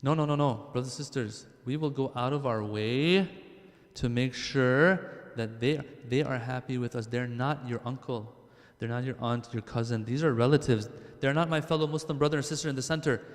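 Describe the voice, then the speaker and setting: A man giving a conversational sermon to a congregation in a lively, joking way, speaking straight to his listeners. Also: medium pitch, moderate pace. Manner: lively, joking, addresses the crowd directly. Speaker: religious speaker. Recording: long hall reverb.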